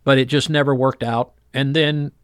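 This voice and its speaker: A man who works as a fishing guide, telling old stories in a relaxed interview and acting out the voices of people in them. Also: medium pitch, normal speed, clean tone, no room sound, studio quality. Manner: animated storyteller acting out voices in quotes. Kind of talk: storytelling interview chat.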